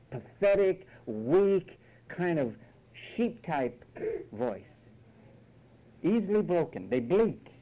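A man's voice: sits high, dark tone, poor audio. A man preaching a sermon, emphatic and mocking, at times imitating whiny voices.

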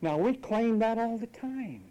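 A man's voice: extremely high pitch, lively intonation, unhurried, warm tone, low-quality recording. A man preaching a sermon, scolding and sarcastic, acting out quoted voices as he goes.

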